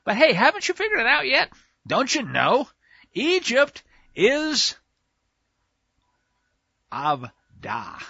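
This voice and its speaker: A man's voice: extremely high pitch, huge pitch swings, a little slow, gravelly, bright, forceful tone, no echo. A man teaching scripture verse by verse in a casual, folksy way, with slang asides. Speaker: Bible teacher. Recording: dull lo-fi, dry sound.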